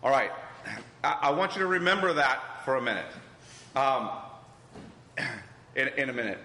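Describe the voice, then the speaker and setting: A man's voice: mid-range voice, animated, moderate pace, bright, forceful tone. A man teaching a Bible class, asking the group questions and repeating their answers. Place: church hall. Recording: echoey hall with long reverb.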